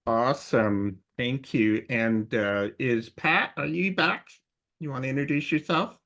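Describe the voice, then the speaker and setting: Brief: male host from Canada, informal, halting intros, video-call sound. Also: mid-range voice, fairly bright tone. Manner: friendly and informal, with many fillers. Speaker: meeting host. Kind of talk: hosting an online user group meeting.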